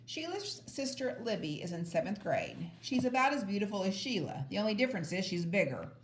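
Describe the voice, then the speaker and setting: A woman reading a children's book aloud, lively and expressive with small stumbles. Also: medium pitch, brisk, echoey room, slight background noise. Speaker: audiobook reader. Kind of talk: storybook read-aloud.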